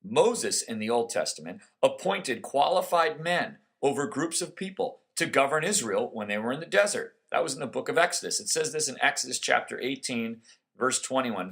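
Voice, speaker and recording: A man's voice: mid-range voice, vocal fry, bright, forceful tone. A man hosting a conservative political talk show, giving an emphatic, sarcastic monologue.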